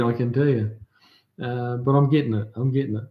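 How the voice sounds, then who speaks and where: This livestream host, a man with a New Zealand accent, has a medium, steady voice and talks a little fast. He's relaxed, chatting and reading viewer comments with plenty of ums and restarts. The audio is muffled and echoes around the room.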